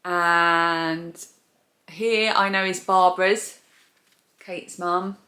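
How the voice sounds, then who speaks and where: Brief: low-pitched woman, rambling yarn-podcast chat in an echoey room. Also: steady tone, very slow, sharp tone. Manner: chatty and scatterbrained, laughing at her own memory. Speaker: crochet and knitting podcaster. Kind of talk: casual chat showing yarn.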